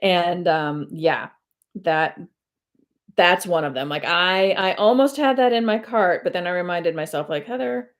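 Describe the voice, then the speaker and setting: The host of a cross-stitch video channel chats casually on a live stream from home while she stitches. Her voice is slightly low, and she takes her time, rambling along with plenty of fillers and self-corrections.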